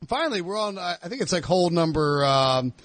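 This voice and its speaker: A man hosting a podcast, telling a story in casual chat and acting out the shouted lines. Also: high voice, fairly quick, no echo. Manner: animated storyteller, acts out shouted quotes. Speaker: podcast host.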